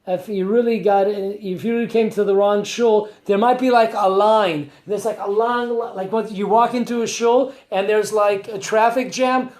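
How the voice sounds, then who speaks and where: A man's voice: high voice, moderate pace, few pauses. A man, a rabbi, giving a conversational Torah class with rhetorical questions and asides. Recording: echoey room.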